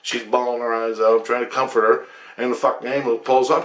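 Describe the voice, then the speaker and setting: A man's voice: medium pitch, flat delivery, fast, a bit bright. A man telling a rambling story about his dreams, profane and agitated. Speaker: vlogger.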